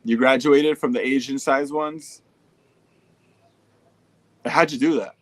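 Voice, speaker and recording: A man's voice: mid-range voice, steady tone, slow, no room sound. Slangy laid-back young man streaming. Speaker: streamer reading fan messages. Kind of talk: casual livestream chat.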